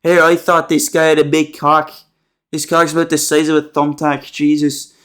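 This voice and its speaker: Young guy with a high voice, rambling sarcastic movie rant, lots of slang and "like". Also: little pitch movement, normal speed, a bit bright. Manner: sarcastic, slangy, rambling with many fillers and restarts. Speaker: movie reviewer.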